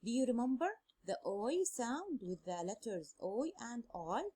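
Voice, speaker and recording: A woman whose first language is Arabic gives a bilingual phonics lesson on English sounds, going slowly and drilling each word several times. Her voice is husky and mellow with lively pitch movement.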